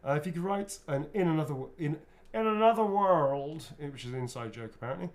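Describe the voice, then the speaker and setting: A man's voice: on the high side, expressive, racing, darkish tone. Chatty man rambling through a fan Q&A. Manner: rambling, self-correcting, chatty. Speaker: voice actor answering fan questions. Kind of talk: casual live Q&A while signing autographs.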